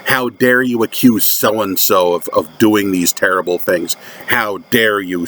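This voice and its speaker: A man acting out an indignant, self-righteous community elder who coldly scolds a victim with slow, accusing repetition. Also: on the low side, fairly bright tone.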